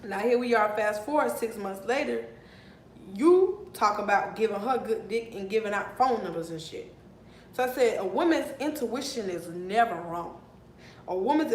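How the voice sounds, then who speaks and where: A young woman telling a heated storytime vlog, animated and profane, recorded in an echoey room with a faint rumble. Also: normal speed. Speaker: vlogger.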